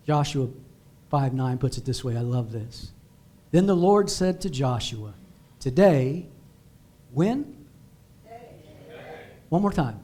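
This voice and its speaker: A man's voice: mid-range voice, moderate pace, warm tone. A man preaching as pastor in a church, building emphatic repeated declarations. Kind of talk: sermon. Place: church sanctuary.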